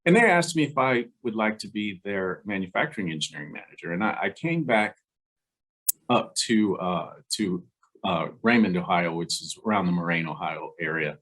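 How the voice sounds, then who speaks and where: A man's voice: sits low, lively intonation, normal speed, fairly bright tone. A man, an engineer guest in an interview, telling his career story conversationally, chuckling often and acting out the dialogue he recalls.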